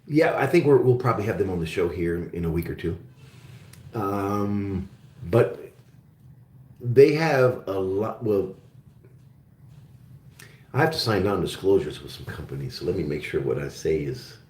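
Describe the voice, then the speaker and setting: A man's voice: sits low, lively intonation, unhurried, long pauses, darkish tone, roomy sound, a little hiss or hum. A man from Germany hosting a casual live-stream chat with viewers, friendly and rambling, with many fillers and restarts. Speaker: show host.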